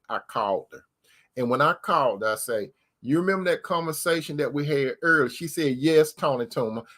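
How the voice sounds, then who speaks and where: A man's voice: mid-range voice, fairly bright tone. A man hosting an advice talk, telling a personal story in a preacherly way, repeating his points and addressing listeners as brothers and sisters. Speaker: channel host.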